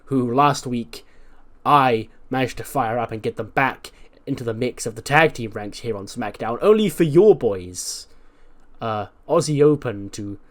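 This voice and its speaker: Calm older male manager, played by a man, slow deliberate delivery, polite. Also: mid-range voice, natural voice. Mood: measured.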